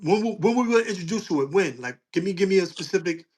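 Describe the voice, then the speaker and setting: A man's voice: sits high, animated, quick pace, darkish tone. A man hosting a casual debate, pressing with questions and cutting in to hold the floor. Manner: challenging, cuts in with "hold on". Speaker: host.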